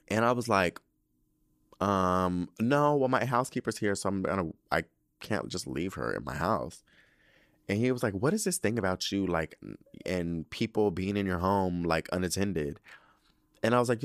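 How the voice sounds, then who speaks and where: A man's voice: on the low side, sing-song, moderate pace, dry recording, clean studio sound. A young man hosting a podcast, telling a story in a sassy, dramatic, slangy way with lots of swearing. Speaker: podcast host. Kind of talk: casual storytelling monologue.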